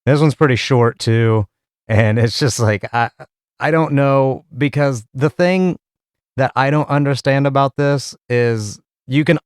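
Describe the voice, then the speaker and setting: A man hosts a casual comedy commentary full of crude, profane jokes, laughing often. His medium-pitched voice is smooth and clear at a measured pace, recorded on a close mic in a dry room with no room sound.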